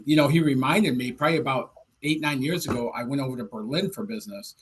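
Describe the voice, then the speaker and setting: A man's voice: medium pitch, fast, a little hiss or hum. A man in a casual group chat, rambling through a personal anecdote with chuckles.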